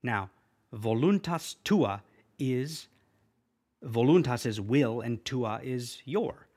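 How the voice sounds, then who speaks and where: A man teaching a prayer line by line, repeating each phrase slowly and patiently for the listener to say back. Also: medium pitch, animated, a little mellow, breathy edge. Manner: patient, repeats and drills words aloud; slows to spell out the words.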